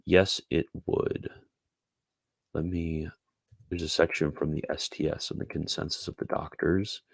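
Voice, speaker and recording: A man who reads a theology passage aloud in a measured way, then answers viewer questions in a loose, casual chat with fillers. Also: extremely low pitch, flat delivery, vocal fry, slightly rough, dry recording.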